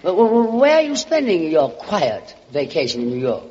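A woman's voice: low-pitched, big pitch swings, moderate pace, mellow. A woman hosting a scripted radio comedy, drawling and theatrical, with a habit of calling people darling. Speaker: host. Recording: dull old radio broadcast with hiss and theater reverb.

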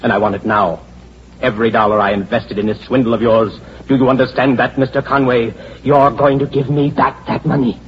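A man's voice: mid-range voice, flat delivery, brisk, a little hiss or hum, close to an everyday voice. A man playing an agitated, desperate small investor confronting a swindler in a 1940s-style radio drama, on a dull old recording. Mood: demanding.

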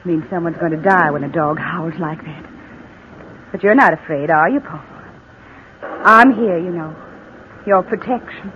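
A woman's voice: fairly low pitch, measured pace, long pauses, lightly acted. A woman playing a cold, vengeful young wife. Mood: teasing, cool. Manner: smooth, taunting, theatrical. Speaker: radio drama actress. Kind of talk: 1940s radio acting. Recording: tinny lo-fi old radio recording with hiss.

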